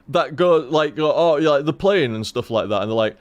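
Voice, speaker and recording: A man's voice: a little high, a little fast, no echo. A man streaming a game, rambling casually to his chat, with lots of swearing. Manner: rambling, heavy swearing, animated.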